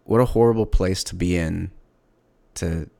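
A man with a very low, gravelly voice talks on his own podcast in a candid, reflective way. He often stops and restarts mid-sentence. The sound is dry and close. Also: unhurried, warm tone, no echo. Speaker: podcast host. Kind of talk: casual solo podcast monologue.

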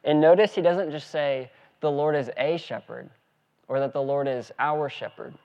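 A man preaching a sermon as pastor, earnest and steady, also leading a spoken prayer. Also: a little high, normal speed, muffled recording.

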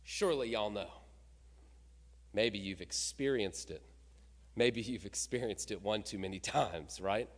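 A man's voice: fairly low pitch, unhurried, pauses often. A middle-aged man preaching a sermon, asking rhetorical questions and building to emphatic peaks. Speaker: pastor. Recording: reverberant hall.

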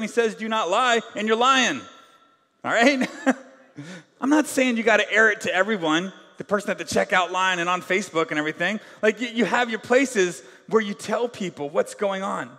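A man preaching a sermon in a loose, conversational way, full of fillers, swinging between loud bursts and quiet asides. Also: extremely high pitch, long reverb tail. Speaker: pastor.

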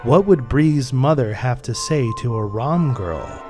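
A man reading his own fiction aloud as narrator, in a measured, deliberate storytelling manner. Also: medium pitch, lively intonation, over music. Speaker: author and narrator.

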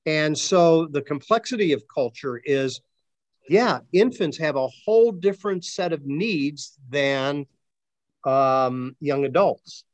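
A class leader from Akron, Ohio, with a Midwestern American accent, runs a discussion-style lesson and thinks aloud with lots of ums and uhs. His voice is a little high with lively intonation, and he speaks slowly with no echo.

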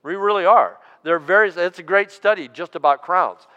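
With a high, bright, forceful voice, a man preaches as pastor in a church sanctuary; the sound is big-roomed with the highs cut off. He stretches out important words for emphasis. He also calls on the congregation to respond out loud.

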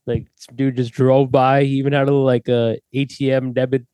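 A man's voice: mid-range voice, little pitch movement, brisk, dark tone, smooth, no room sound. A young man co-hosting a podcast, telling rambling stories in a laid-back way. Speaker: podcast co-host. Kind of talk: casual chat.

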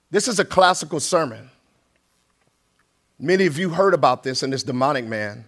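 A middle-aged man, a guest preacher, speaking in a church in a plain, conversational way that grows more emphatic as he reads scripture. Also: a little high. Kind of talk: sermon with prayer and scripture reading. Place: church sanctuary.

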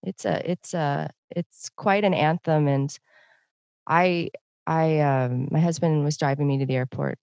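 A woman's voice: low-pitched, steady tone, measured pace, vocal fry, a little mellow, no room sound, lo-fi sound. A woman hosting a casual podcast interview, chatty and laughing often. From Canada. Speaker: podcast host.

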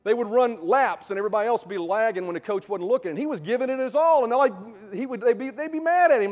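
High-voiced preaching man, echoing hall. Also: racing, few pauses. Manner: emphatic preaching, rhetorical questions, builds to loud peaks. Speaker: pastor. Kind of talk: sermon. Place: church sanctuary.

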